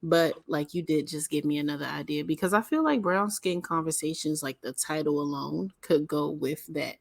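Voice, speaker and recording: Woman, podcast host; mellow, calming, lightly raspy voice, lower pitch, dry close mic. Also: normal speed, no echo. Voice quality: soothing, mellow, slightly raspy voice. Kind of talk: casual chat.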